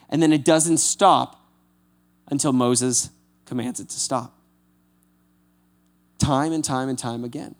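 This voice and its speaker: A male pastor giving a conversational sermon. He makes casual asides like "right?" and acts out scripture quotes in lively voices. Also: a little high.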